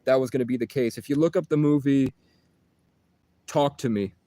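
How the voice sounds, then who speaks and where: A man talking to camera in a rambling, intense monologue, swearing freely. His voice sits at an ordinary mid pitch. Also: moderate pace, mellow, no echo. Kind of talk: casual monologue.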